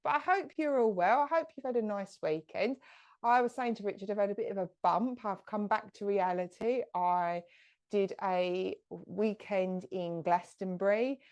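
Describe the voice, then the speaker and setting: A woman, a medium hosting a live stream, chatting brightly and greeting viewers by name. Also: medium pitch, moderate pace.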